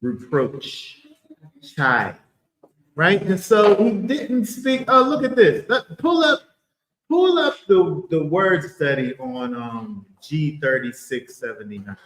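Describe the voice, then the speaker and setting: Animated man teaching scripture. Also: high-pitched, slow, reverberant, a little hiss or hum, rough recording. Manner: animated, emphatic, rhetorical questions. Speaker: bible teacher. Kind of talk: livestreamed bible teaching.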